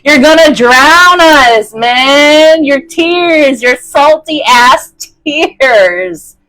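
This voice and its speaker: A woman voicing panicking little creatures that scold a giant girl for flooding them with tears, in shrill, crude, frantic outbursts. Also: expressive, drawn-out words, a bit bright, exaggerated voice, poor audio.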